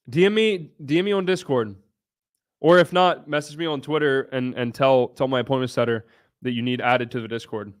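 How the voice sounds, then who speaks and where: A man hosting a casual livestream Q&A, talking bluntly with frequent swearing and bursts of excitement. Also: medium pitch, brisk. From United States (Ohio). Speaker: livestream host.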